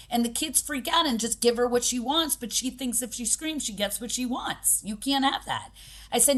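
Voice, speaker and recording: A woman's voice: a little high, fairly quick. A woman being interviewed as a podcast guest. She speaks directly and pragmatically, with emphasis, and acts out the people she quotes. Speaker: podcast guest, boxing gym owner. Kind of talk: conversational interview.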